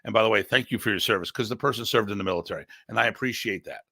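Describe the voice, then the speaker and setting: A middle-aged American man, a podcast host and martial arts instructor, telling stories in an animated, blunt, joking way and acting out quoted exchanges. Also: racing, vocal fry, no room sound, studio quality. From United States. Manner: animated, acts out quoted exchanges with pitch jumps; rambling with restarts, blunt and joking. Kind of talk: casual storytelling chat.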